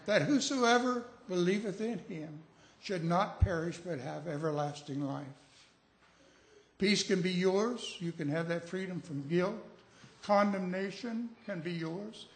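A man's voice: a little high, a little hiss or hum. A man preaching a sermon, telling a story and building to emphatic, urgent appeals. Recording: echoey room.

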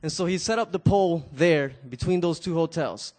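A man's voice: a little high, normal speed, a little mellow. A man telling a story casually to a live audience, often stammering and repeating words and turning to talk to his listeners.

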